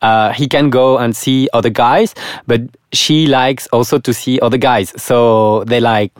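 Halting man telling a story. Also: mid-range voice, fairly even intonation, clear, resonant tone, no room sound, clean studio sound. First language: not English. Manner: halting, many uh fillers, laughs often. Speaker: podcast guest. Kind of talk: casual storytelling.

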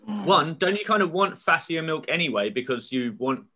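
A man's voice: a little high, sing-song, normal speed, bright, forceful tone. A man guest on a comedy podcast, floating playful theories with casual swearing. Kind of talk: casual chat.

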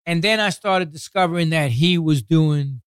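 A man's voice: a little high, smooth, dry recording. A man with a New York accent, a guest telling stories from his past in a casual interview. He swears heavily and talks bluntly, acting out what other people said. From New York City. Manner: heavy swearing, blunt street talk; acts out others' words in quick retellings.

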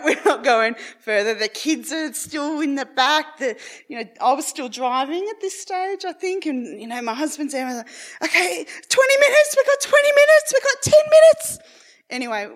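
A middle-aged woman telling a long personal story in a rambling, animated way, acting out the voices of her family. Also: a little high. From Australia.

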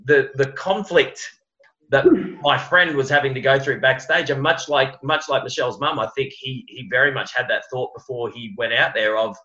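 A man in casual podcast chat, reflective and halting, often restarting his sentences. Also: mid-range voice, bright, forceful tone. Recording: dull lo-fi recording.

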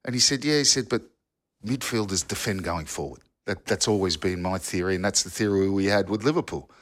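A former footballer telling old yarns in a casual podcast chat, rambling with restarts and asides. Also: male voice, lowish voice, fast talker. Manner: rambling storyteller with restarts and "you know". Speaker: football pundit, former player.

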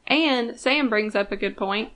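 A woman's voice: on the high side, a bit bright. Blunt, casual woman podcaster. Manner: casual, blunt, swears, quick asides. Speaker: podcast co-host. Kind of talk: casual fan podcast chat.

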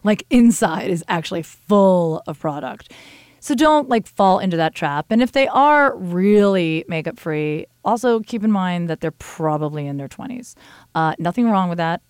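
Woman podcast host, middle-aged, low-ish voice, dry close sound, frank and animated, swears freely. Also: moderate pace, clear, resonant tone, no room sound. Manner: candid, animated storyteller who swears freely. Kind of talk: casual chat.

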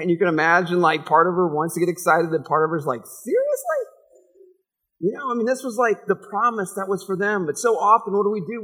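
A man's voice: on the high side, fairly bright tone, husky. A man in his forties preaching a casual, conversational sermon, laughing often and acting out the people in the story. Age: 40s. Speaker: pastor.

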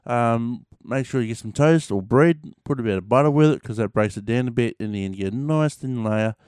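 Laid-back Australian man, smooth voice. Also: mid-range voice, fairly quick, a little mellow, no echo, clean studio sound. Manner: rambling, laid-back, slangy with many fillers. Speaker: vlogger. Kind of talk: casual chat to camera.

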